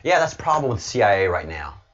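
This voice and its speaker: A man talking casually on his livestream, rambling and now and then breaking into loud, excited bursts. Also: lowish voice, quick pace, highs cut off, slight background noise. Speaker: livestreamer, political commentator.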